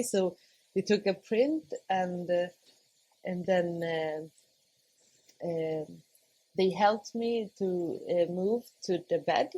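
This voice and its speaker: A woman's voice: mid-range voice, low-quality recording. A woman in her thirties, a podcast guest, telling a personal story in a conversational way, often laughing and acting out her own past words. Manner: laughs often, animated quoting of herself.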